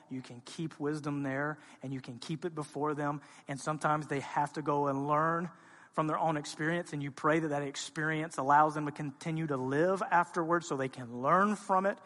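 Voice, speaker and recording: A male pastor delivering a sermon in a church, his voice pitched somewhat high and carried by a long, ringing reverb. He preaches with passion, dropping to quiet, intimate moments and then rising to loud, urgent appeals. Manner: impassioned preaching that swings between quiet and loud. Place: church sanctuary.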